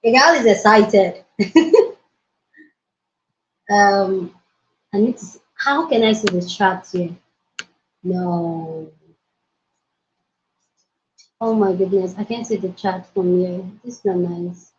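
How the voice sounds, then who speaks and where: A woman hosting a casual livestream from her mobile phone, hyper, excitable and loud as she greets her viewers. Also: mid-range voice, takes it slowly, long pauses, slight background noise. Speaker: livestream host. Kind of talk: casual live-stream chat. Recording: roomy, dull lo-fi phone audio.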